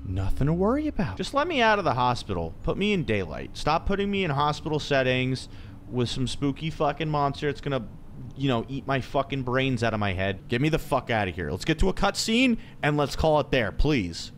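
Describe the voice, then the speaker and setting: A man's voice: medium pitch, very animated, fairly quick, a little hiss or hum. A young man playing a horror game and commentating, jittery, swearing often and talking to himself. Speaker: gaming streamer.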